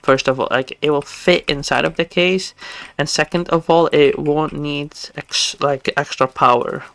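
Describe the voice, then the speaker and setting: A game streamer chatting casually while playing live, talking in a halting, stammering way with many restarts. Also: mid-range voice, steady tone, gravelly, fairly bright tone, no room sound.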